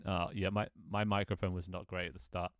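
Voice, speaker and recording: A man's voice: low voice, little pitch movement, brisk, no echo, clean studio sound. A man in his twenties chatting casually on a live stream, rambling, laughing often and joking about himself with casual swearing. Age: 20s. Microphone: desk microphone.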